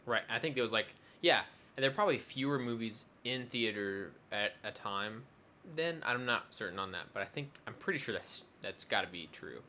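Young guy rambling in casual chat, bright sharp tone, lots of likes and ums, faint hiss behind. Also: medium pitch, expressive, normal speed. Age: young adult. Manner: rambling, many fillers and restarts.

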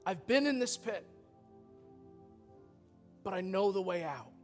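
A man voicing a calm rescuer in a sermon story, speaking quietly and reassuringly. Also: high voice, slow, faint music behind. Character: calm rescuer who has been in the pit.

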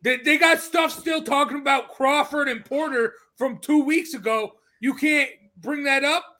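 Bright, high-voiced ranting man. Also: moderate pace. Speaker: podcast co-host. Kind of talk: casual sports chat.

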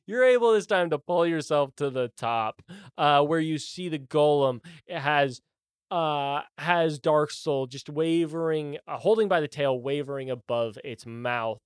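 A man's voice: a little high, a little slow, smooth, dry recording, clean studio sound. A young man narrating as game master of a tabletop game, loose and laughing with lots of fillers.

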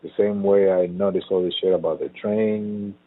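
A man telling rambling, profane stories in a casual chat. His voice is on the low side and husky. It comes through a thin, phone-like line. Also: fairly even intonation, normal speed, no room sound.

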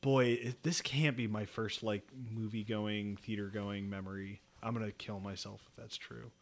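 A man co-hosting a podcast in relaxed, casual chat, swearing freely. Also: fairly low pitch, normal speed, a little hiss or hum. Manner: laid-back, frequent swearing. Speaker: podcast co-host. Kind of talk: casual film-discussion chat.

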